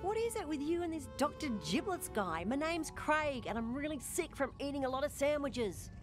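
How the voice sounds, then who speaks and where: A high, thin, whiny alien fellow in a video game, jittery and apologetic as he frets about everything. He swings his pitch up and down as he talks, and game music plays behind him. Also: sing-song, moderate pace. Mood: sheepish. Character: nervous alien man who ate too many sandwiches.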